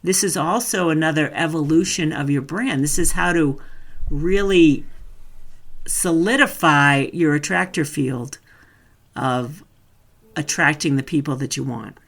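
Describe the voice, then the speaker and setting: A woman's voice: sits low, a little slow. A woman teaching a casual webinar as a branding coach, with a loose, conversational delivery and a direct, emphatic coaching tone. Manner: chatty, loose and conversational, thinking aloud.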